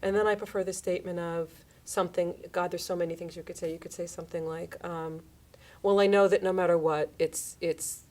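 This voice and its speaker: A woman's voice: fairly low pitch, fairly quick. A woman in her thirties or forties hosting a casual radio chat, acting out quoted lines in changing voices. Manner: animated, acts out quoted lines in shifting voices. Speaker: radio show host.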